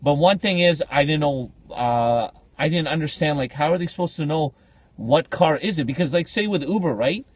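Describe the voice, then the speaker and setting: A man co-hosting a podcast, telling comic stories in a casual chat and jumping into high squealing voices for the people he quotes. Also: moderate pace, husky, no echo. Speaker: podcast co-host. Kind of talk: comedic storytelling chat.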